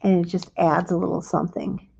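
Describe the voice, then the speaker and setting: Gravelly, mellow woman teaching crafts. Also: lowish voice, flat delivery, lo-fi sound. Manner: gentle, unhurried step-by-step explaining. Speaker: craft instructor. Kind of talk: live crafting demonstration.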